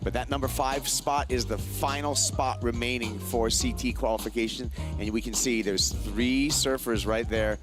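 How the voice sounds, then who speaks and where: A man's voice: medium pitch, fairly even intonation, moderate pace, hardly any pauses, music in the background. A man commentating live surfing in an easygoing way, laughing between calls. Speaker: surf commentator.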